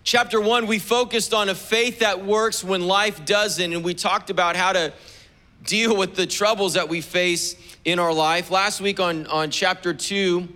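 A man preaching a Sunday sermon to his church, relaxed and joking with the congregation. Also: high voice, a little slow. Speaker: pastor. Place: church service.

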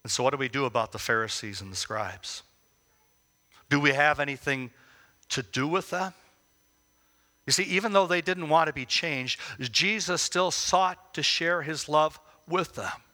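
A man giving devotional Bible teaching, emphatic, with rhetorical questions and slow, stressed phrases. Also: fairly high pitch, pushed and bright. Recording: long reverb as in a hall.

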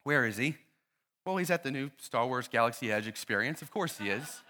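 A man, a pastor, preaching a sermon in a church and telling a story to his congregation, with lively questions to his listeners. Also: medium pitch, brisk.

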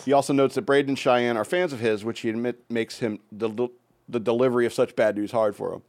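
A man's voice: mid-range voice, fairly even intonation, fast, darkish tone, no echo. Young man, co-host, reads quotes with chuckles, dry close sound, casual tone. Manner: reads quotes aloud, chuckles through them. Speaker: podcast co-host. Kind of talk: casual comedic chat, reading a story aloud.

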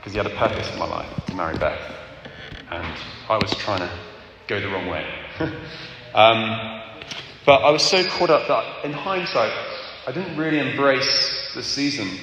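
Earnest preacher in an echoey hall. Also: male voice, lowish voice, normal speed, vocal fry, fairly bright tone. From England. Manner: earnest and candid, often checks in with "okay?". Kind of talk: sermon. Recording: echoey hall with background noise.

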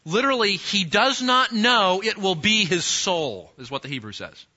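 A man teaching a sermon-style Bible lesson, animated and acting out the scenes he describes, often repeating himself. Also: sits high, moderate pace, highs cut off.

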